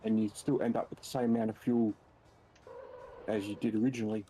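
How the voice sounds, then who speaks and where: A man's voice: lowish voice, flat delivery, brisk, warm tone, faint music behind, poor audio. Australian man explaining over game chat. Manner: explains things patiently in detail. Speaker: game streamer. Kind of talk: casual multiplayer game chat.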